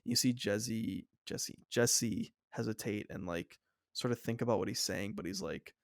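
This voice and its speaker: A young man co-hosting a fan podcast, with a low, gravelly voice and a dry, close sound. He rambles eagerly and leans on "like" as he gushes over a story. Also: measured pace, no room sound. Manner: enthusiastic, rambling, frequent "like" fillers. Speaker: podcast co-host. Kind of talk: casual fan discussion.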